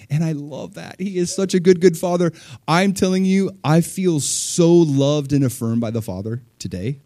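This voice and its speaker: A middle-aged man preaching a sermon, talking loosely and acting out voices with sudden jumps in pitch. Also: normal speed, dry recording, clean studio sound. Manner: animated, acts out voices of people and God with sudden pitch jumps. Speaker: pastor.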